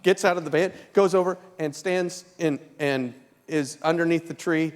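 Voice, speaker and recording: A man's voice: fairly high pitch, a little slow. A man speaking at a youth convention, telling a shared story with playful, teasing interruptions. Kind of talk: storytelling with his wife on stage. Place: large convention hall. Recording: long hall reverb, faint ambience.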